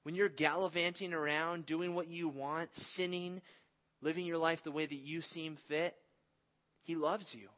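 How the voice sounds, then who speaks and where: A man's voice: on the high side, steady tone, unhurried, fairly bright tone. A man in his thirties preaching a sermon in an earnest, conversational way, mixing in stories about his family. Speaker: pastor.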